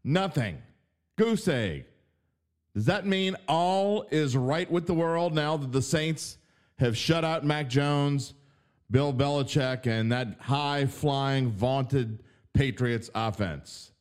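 A man's voice: mid-range voice, slow pace, smooth. A man from Southeast Louisiana with a New Orleans accent, hosting a sports podcast in a wry, joking way that often corrects itself. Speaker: podcast host, sports betting writer.

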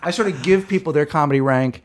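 A man's voice: a little high, fast talker. A man co-hosting a casual comedy podcast, cracking jokes and laughing often. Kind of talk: casual chat.

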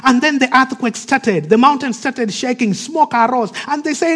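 A man preaching a sermon with emphatic delivery that drops to soft, hushed phrases, acting out the voices of the people in his stories. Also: extremely high pitch, moderate pace, hardly any pauses. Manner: acts out quoted speech of the people in his stories.

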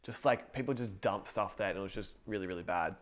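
A man's voice: deep voice, fast. A man co-hosting a casual faith podcast, rambling and correcting himself as he tells stories. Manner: rambling, self-correcting, storytelling. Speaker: podcast co-host.

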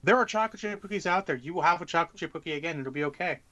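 This podcast co-host talks at a racing pace in an expressive, bright, forceful voice on the high side, keeping things laid-back as he swears freely and hands out advice in casual chat. The sound is lo-fi.

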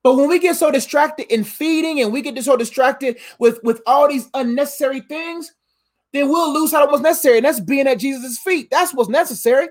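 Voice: high voice, a little fast. A pastor giving a conversational livestreamed sermon, repeating key lines and adding playful asides.

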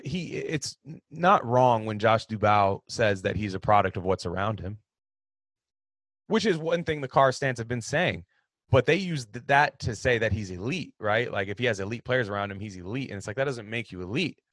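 A man with a fairly low voice talks football in a loose, opinionated ramble, often restarting his sentences as he works through a point. He sounds like a sports podcast host chatting to his listeners. The recording is close and dry, with no room echo. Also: fairly bright tone. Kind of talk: casual sports commentary.

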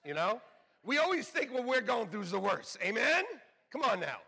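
Joking, dynamic male pastor, bright tone. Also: extremely high pitch, very animated, moderate pace, creaky, slightly rough. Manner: conversational, joking asides, drops to near whispers then builds to shouts. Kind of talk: sermon.

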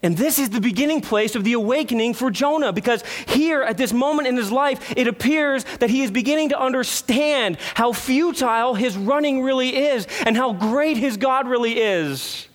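A man, a pastor, preaching a sermon with earnest rhetorical questions, swinging between loud emphasis and hushed reflection, in a church sanctuary. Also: very high voice, moderate pace, hardly any pauses. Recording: long hall reverb.

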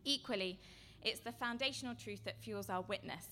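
A woman giving an earnest sermon-style seminar talk, her voice going from quiet to loud. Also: medium pitch, moderate pace, slight background noise. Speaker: seminar speaker.

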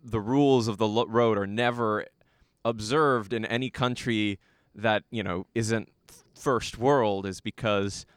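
Low smooth-voiced young American man. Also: fairly even intonation, a little slow, hardly any pauses, no echo. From United States. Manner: rambling, filler-heavy storytelling with frequent "like". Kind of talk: casual conversation.

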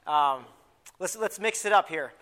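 A man's voice: sits high, expressive, a little slow, sharp tone. A pastor giving a casual children's lesson in a church service, often restarting and repeating his words as he talks to the kids. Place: church sanctuary.

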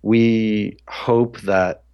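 A podcast host with a lowish, steady voice talks extremely slowly in a casual chat, candid and reflective, with many fillers. His voice sometimes sounds harsh. The audio is smooth but dull.

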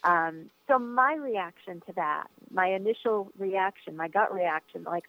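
A woman's voice: medium pitch, measured pace, few pauses, no room sound. A woman author answering interview questions, telling a personal story in an earnest, reflective way with frequent fillers and restarts. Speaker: author, guest. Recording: tinny phone line, dry.

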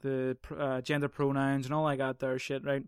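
A man's voice: medium pitch, level tone, normal speed, smooth, dry recording, clean studio sound. A young man hosting a casual solo podcast, swearing, rambling and sarcastic. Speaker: podcast host.

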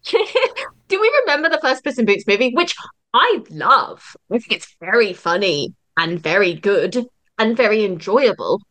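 A woman's voice: medium pitch, very animated, unhurried, fairly bright tone. Young woman guest, effusive and emotional, laughs often, casual roundtable chatter. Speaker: podcast guest.

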